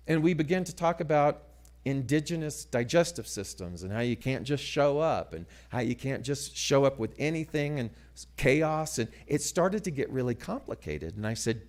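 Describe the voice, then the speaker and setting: A man telling a story as a sermon, dramatic and animated, dropping to hushed asides. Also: medium pitch, moderate pace. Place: church sanctuary.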